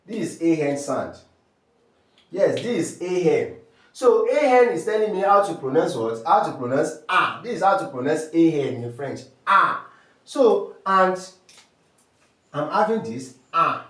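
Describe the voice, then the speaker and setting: Far from the mic in an echoey room, a very animated man with a Nigerian accent and a slightly high, somewhat bright voice walks through French sounds one step at a time. His delivery is slow, repetitive drilling, with repeated terms and rhetorical questions.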